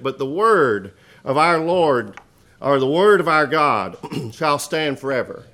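A man's voice: on the high side, fairly bright tone. Preaching man with a raised voice. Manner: preaching cadence, quoting scripture, frequent "uh" fillers and restarts. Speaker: Primitive Baptist preacher. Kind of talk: sermon.

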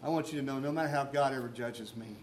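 A man's voice: mid-range voice, fast, slight background noise. A man preaching a sermon as pastor, talking earnestly and conversationally and asking his listeners rhetorical questions.

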